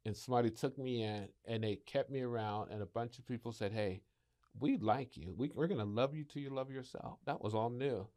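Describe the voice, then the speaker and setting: A middle-aged man, a podcast guest, telling his story in a lively way, acting out what others said to him. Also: medium pitch, fairly quick. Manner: animated, acts out quoted voices, laughs often. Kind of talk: storytelling interview.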